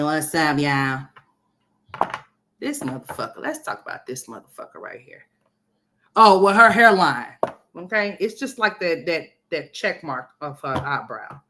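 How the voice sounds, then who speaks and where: A woman's voice: deep voice, pushed and bright, slight background noise. A woman hosting a gossip commentary livestream, brash and profane, rambling and talking straight to her viewers. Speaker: commentary host.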